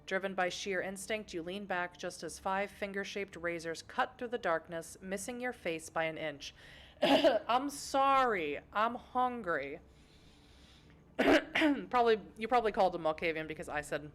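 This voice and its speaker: A woman's voice: fairly low pitch, fairly bright tone, a little hiss or hum. A young woman streaming a narrative game, reading its text aloud and chatting with her viewers between passages.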